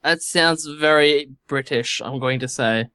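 A man's voice: on the high side, measured pace, pushed and bright, clear, resonant tone, no echo, studio quality. A man playing in a tabletop game, joking wryly with the others. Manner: wry, joking. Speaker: player.

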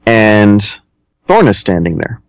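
Slow, deliberate male game master. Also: lowish voice, sing-song, no room sound, low-quality recording. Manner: slow, descriptive, pauses to search for words. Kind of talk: narrating a tabletop game.

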